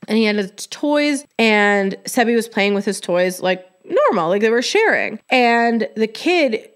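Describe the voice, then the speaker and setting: A woman hosting a podcast in casual chat, candid and expressive, with her talk full of "like". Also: a little high, a little slow, smooth. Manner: chatty, heavy use of "like". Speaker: podcast host.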